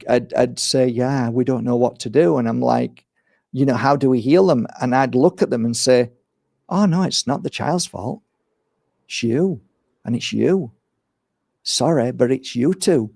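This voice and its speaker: A man's voice: mid-range voice, vocal fry, dry recording, clean studio sound. A man who works as a crystal healer, talking in a casual monologue and acting out exclamations. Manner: animated, acts out exclamations, swears.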